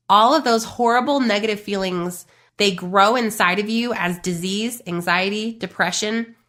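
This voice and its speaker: A woman in her thirties hosting a faith-based business podcast, talking to listeners in a lively, chatty way. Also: medium pitch. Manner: animated, chatty, addresses listeners as you guys. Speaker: podcast host.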